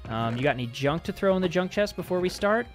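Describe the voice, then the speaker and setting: A man with a fairly high-pitched voice hosts a casual gameplay session, upbeat and chatty as he walks his friend through the mechanics. Faint music plays underneath. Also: lively intonation, quick pace. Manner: upbeat, explains game mechanics. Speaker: host and map maker.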